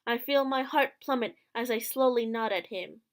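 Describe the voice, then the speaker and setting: A woman's voice: fairly high pitch, moderate pace. A woman playing through a visual novel, reading its first-person narration aloud with joking asides. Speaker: let's play host.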